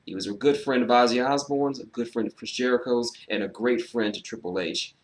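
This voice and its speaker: Briskly and at a medium pitch, a man runs through a solo wrestling show review. His delivery is casual and animated, with sarcastic jabs, liberal swearing, and frequent fillers.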